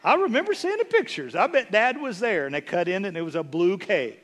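High, bright-voiced preacher. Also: male voice, very animated, a little fast, few pauses. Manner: folksy, humorous storytelling with rising emphatic bursts. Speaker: bishop preaching. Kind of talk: sermon.

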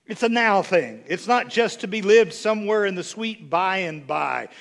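A man's voice: high-pitched, animated, normal speed, gravelly, fairly bright tone. A man preaching a sermon as a bishop, folksy and humorous, telling stories that build to emphatic bursts.

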